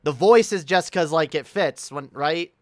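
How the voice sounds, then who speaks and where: A man's voice: a little high, measured pace, no echo. A man streaming casual commentary in a mocking, combative way. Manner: mocking, combative, laughs often.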